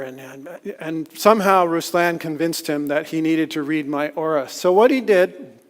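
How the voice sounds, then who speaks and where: A man's voice: fairly high pitch, moderate pace. Man telling stories on stage. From Canada. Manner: lively, self-deprecating storyteller. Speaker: conference speaker. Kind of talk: storytelling talk. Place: lecture hall. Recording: long hall reverb.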